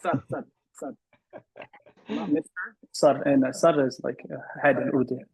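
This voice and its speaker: A man's voice: mid-range voice, fairly even intonation, moderate pace, vocal fry, a little mellow, breathy edge, low-quality recording. A man teaching an online Arabic class, quizzing students and correcting them through repeated words.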